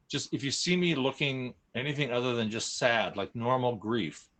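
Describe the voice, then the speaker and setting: A man speaks candidly about a difficult time, his voice sitting in a middle pitch. He is emotional and frank, and he trips over and restarts his sentences as he goes. It is loose, conversational storytelling, not a prepared speech. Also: fairly bright tone. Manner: emotional, open, frequent restarts and self-corrections. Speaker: guest sharing a personal story. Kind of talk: candid personal storytelling in casual chat.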